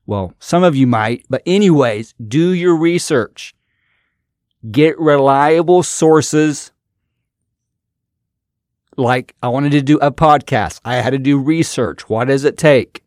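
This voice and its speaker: A man's voice: medium pitch, slow, darkish tone, no echo, clean studio sound. Fired-up motivational podcast man. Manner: emphatic, repetitive, exhorting. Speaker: podcast host and coach.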